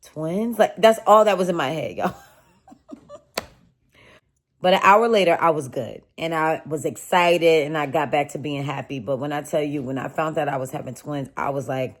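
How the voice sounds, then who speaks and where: A young woman with a low, deep-set voice tells a personal story to her viewers in a relaxed, chatty way. She keeps calling them y'all. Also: moderate pace. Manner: chatty, addresses viewers as y'all, animated retelling. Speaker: vlogger telling a story. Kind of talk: casual storytime.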